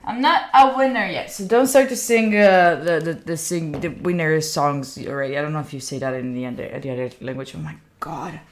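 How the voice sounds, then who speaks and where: This Italian-born streamer, a native Italian speaker, talks casually to her audience and thinks out loud as she gets set up, addressing chat directly in a chatty way. She speaks low and a little fast, with hardly any pauses, over a slight hiss or hum.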